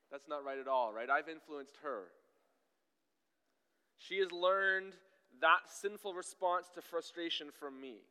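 A man in his thirties, a pastor, preaching a sermon in a conversational, emphatic way with sudden loud bursts. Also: a little high, smooth, big-room sound.

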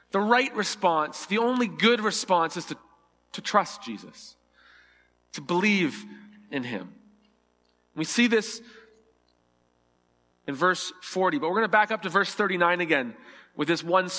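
A man's voice: high voice, sharp tone, long reverb tail. A man preaching a sermon, earnest and vivid, acting out the scripture dialogue with shifting emphasis. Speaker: pastor.

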